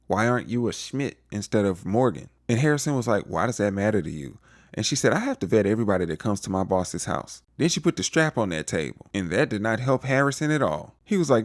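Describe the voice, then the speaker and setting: A young man recapping a TV episode in a casual, animated way, acting out quotes with playful slang. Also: lowish voice, a little fast, no echo, clean studio sound. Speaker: recap vlogger.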